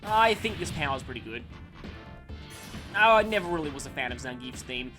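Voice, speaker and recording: A man hosting a gaming channel mixes casual let's-play commentary with storytelling over game music. His medium-pitched voice is expressive, fairly quick, bright and forceful as he rambles through a self-deprecating childhood tale and breaks off to react to the game.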